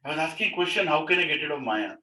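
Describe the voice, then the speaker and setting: A man voicing a pleading, anxious king in a devotional story, begging urgently and raising his voice high above his own. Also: lively intonation, very fast, pushed and bright. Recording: roomy home room, mic far off.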